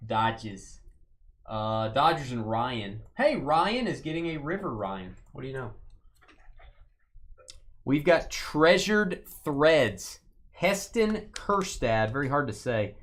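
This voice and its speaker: A man runs a live card break with easy, joking chatter and banters with viewers by name. He drags out player names with showy flair on each card he calls. His voice sits at an ordinary middle pitch. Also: expressive, slow pace, a bit bright. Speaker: host of a live sports card box break. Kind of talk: casual live-stream commentary.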